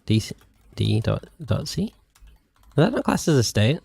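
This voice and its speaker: A man's voice: mid-range voice, big pitch swings, moderate pace, gravelly, darkish tone, husky, dry recording. A young British man streaming a game in casual chat, self-mocking and sweary, stretching out words as he tries to spell them. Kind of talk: casual live-stream chat while playing.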